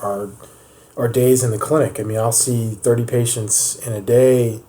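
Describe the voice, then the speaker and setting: A man co-hosting a podcast as a foot and ankle surgeon, explaining things in a steady, conversational way. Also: medium pitch, normal speed, a little hiss or hum. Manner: explanatory, steady, occasional restarts. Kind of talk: casual conversational podcast chat.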